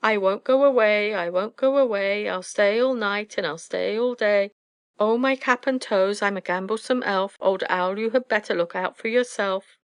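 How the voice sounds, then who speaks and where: A woman's voice: mid-range voice, lively intonation, moderate pace, few pauses, no room sound, lightly acted. Woman doing an impish little boy. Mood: taunting song. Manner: impish, sing-song. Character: mischievous little boy playing an elf.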